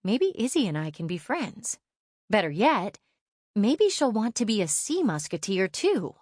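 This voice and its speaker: A woman reading a children's audiobook aloud in first person, lively and expressive storytelling. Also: mid-range voice, a little slow, slightly rough, no echo, clean studio sound. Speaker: audiobook narrator.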